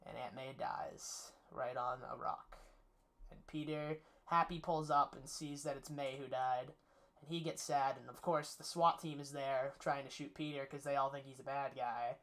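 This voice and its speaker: Speaking at a moderate pace in a steady, medium-pitched, slightly bright voice, a man reviews a movie by casually spoiling its plot. He's enthusiastic and rambling, and his recap is thick with fillers.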